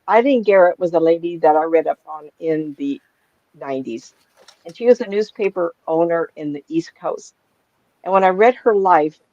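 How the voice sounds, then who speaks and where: In a relaxed conversation, a middle-aged psychic medium with a lowish voice spins animated stories and performs the voices of those she quotes. The audio is dry, dull and lo-fi.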